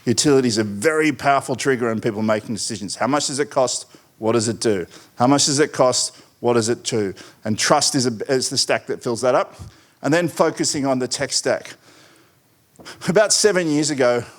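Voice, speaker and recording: A middle-aged man delivers a conference keynote. He has a mid-range voice and tells his points through wry, rambling asides and anecdotes. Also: mid-range voice. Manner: wry, digressive storyteller with asides. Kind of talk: conference presentation.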